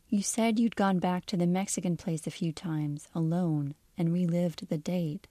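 A woman author reading aloud from her own literary fiction in a measured, even storytelling manner. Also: lowish voice, no room sound.

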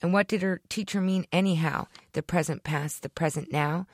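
A woman's voice: fairly low pitch, normal speed, no echo, clean studio sound. A woman reading her own short story aloud in a dramatic, rhythmic narration.

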